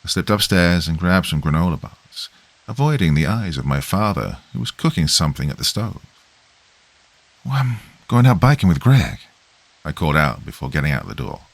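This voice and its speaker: A man's voice: very deep voice, animated, brisk, no room sound. A man reading a horror story aloud as a scripted first-person narration.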